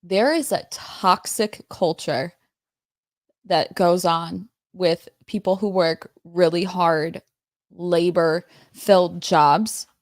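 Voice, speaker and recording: A woman's voice: on the low side, fairly even intonation, takes it slowly, no room sound. A woman hosting a livestream, talking bluntly and swearing freely as she rants. She laughs often between points. Her voice is dry and close, with almost no room sound. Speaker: host. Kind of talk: casual livestream rant.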